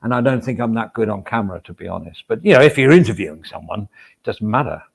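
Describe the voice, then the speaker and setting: A man's voice: fairly low pitch, expressive, fast, vocal fry, slightly rough. A middle-aged man chatting casually on a livestream, rambling and poking fun at himself with plenty of asides. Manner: rambling and self-deprecating; chatty, with frequent fillers and asides.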